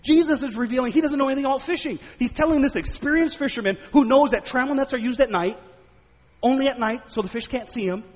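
A male preacher giving a sermon, telling stories and asking animated rhetorical questions. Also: very high-pitched, quick pace. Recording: echoey hall, dull lo-fi sound.

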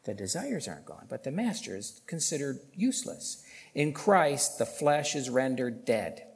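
A man's voice: medium pitch, sing-song, moderate pace, big-room sound. A man preaching a sermon as a pastor, emphatic, with rhetorical questions and bursts of force on key points.

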